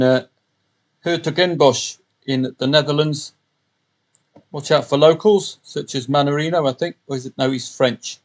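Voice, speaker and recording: Rambling male podcast tipster. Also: fairly high pitch. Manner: rambling, with jokey asides and self-corrections. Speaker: podcast host and betting tipster. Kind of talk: casual solo commentary.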